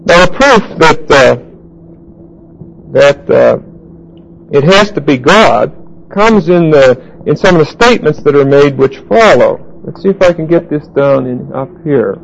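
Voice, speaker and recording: Gravelly man teaching Bible Greek. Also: a little high, lively intonation, poor audio. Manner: deliberate, explanatory, spells out Greek words, writes on a board. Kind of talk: Bible study lecture.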